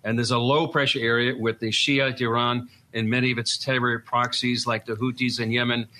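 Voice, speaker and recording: A man with a Boston accent explaining things earnestly as a guest in a conversational discussion, often pausing on fillers and restarting. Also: medium pitch, little pitch movement, bright, forceful tone. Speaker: guest commentator.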